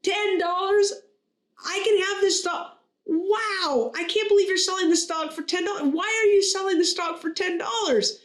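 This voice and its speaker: An excited, disbelieving man shouts his amazement, as a woman puts him on, the voice pushed well above her usual pitch. It rings with echo from the room. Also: normal speed. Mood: astonished. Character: astonished man, excited shop customer.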